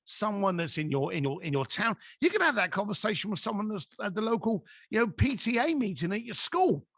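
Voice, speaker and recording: A man as a podcast guest, giving advice through animated stories and acting out quoted dialogue. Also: high voice, brisk, dry recording, clean studio sound. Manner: acts out quoted dialogue with lively voices.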